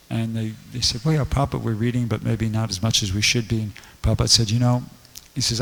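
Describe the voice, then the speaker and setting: A man with a gravelly, creaky voice gives a loose, rambling scripture lecture, full of fillers and restarts. His talk rings out with the long reverb of a temple hall. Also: on the low side, little pitch movement, fast talker, few pauses, a bit bright. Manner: rambling storytelling with many fillers. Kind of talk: casual scripture class.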